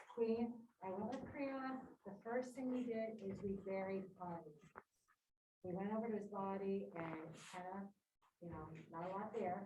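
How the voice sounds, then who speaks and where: A woman's voice: medium pitch, mellow, slight background noise. A woman teacher explaining a play to her class in a casual, chatty way, retelling the scenes with fillers. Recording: echoey room, far from mic.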